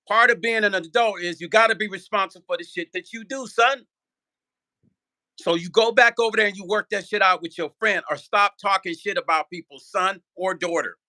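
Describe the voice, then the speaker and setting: A man on his own channel, ranting with a high-pitched voice. His tone is bright and edgy, full of curses and repeated questions. He talks straight to the viewers about someone who wronged him. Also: brisk. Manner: profane, repetitive, rhetorical. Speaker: vlogger; musician. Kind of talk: heated casual rant.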